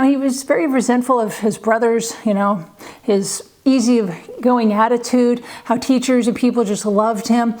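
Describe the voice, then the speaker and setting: Talking to camera, a woman in her forties relaxes into chatty stories about her years as a teacher and a parent. Her slightly high voice is sprinkled with light laughs and "you know," and she acts out what other people said in livelier voices.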